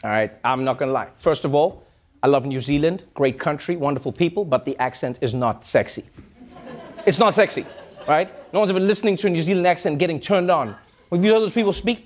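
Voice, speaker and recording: A South African man hosting a late-night comedy show, delivering an animated, mocking monologue. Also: high voice, noisy background. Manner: animated, mocking, quick asides. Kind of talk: stand-up monologue.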